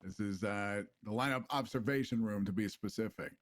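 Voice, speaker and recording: A man's voice: on the low side, normal speed, no room sound. A man playing a police trainer, explaining rooms in a casual, instructive role-play walkthrough. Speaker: police trainer giving a station tour.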